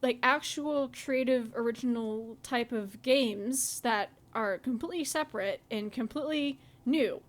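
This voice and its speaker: A woman's voice: fairly high pitch, a little slow, few pauses. A woman co-hosting a podcast in casual chat, sarcastic and full of "like" fillers. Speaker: podcast co-host.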